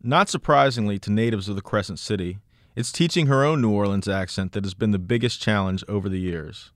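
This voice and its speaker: A man narrates a radio news story with a measured, even delivery. His voice sits on the low side, and the sound is dry and close. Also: no room sound. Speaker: radio reporter. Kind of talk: scripted news feature narration.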